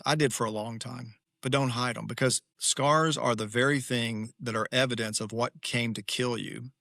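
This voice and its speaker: A man's voice: mid-range voice, gravelly, bright, forceful tone, dry recording, studio quality. A middle-aged man, a podcast guest and author, talking candidly and emphatically in an interview, repeating his key phrases.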